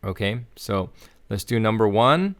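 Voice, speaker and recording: Deliberate man teaching pronunciation. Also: lowish voice, expressive, very echoey. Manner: clear, deliberate, over-articulates example words. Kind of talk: scripted lesson.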